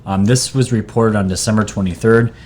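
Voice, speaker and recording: A man's voice: on the low side, fairly even intonation, brisk, darkish tone. A man who hosts a channel, talking casually about what he reads from a screen, with frequent hesitations and restarts. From New York. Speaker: channel host. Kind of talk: casual commentary reading from a screen.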